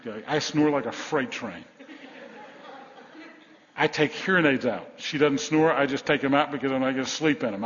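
This is an older male pastor preaching in a church sanctuary, heard with a long hall reverb and a slightly dull, muffled sound. His pitch sits at a middle level. He talks bluntly and folksily, jumping between loud calls to the congregation and hushed asides. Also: a little hiss or hum. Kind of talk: sermon.

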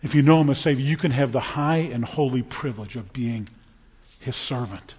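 A man preaching a sermon from the pulpit of a church, emphatic and dramatic, swinging from loud declarations to hushed, solemn lines. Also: medium pitch, normal speed, husky, big-room sound, dull audio. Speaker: pastor. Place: church sanctuary.

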